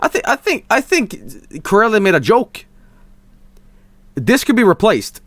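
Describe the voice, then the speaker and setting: A young Swedish man with a Swedish accent, chatting casually on a live stream, excitable and profane, swinging from mumbles to shouts. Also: sits high, unhurried, no echo. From Sweden.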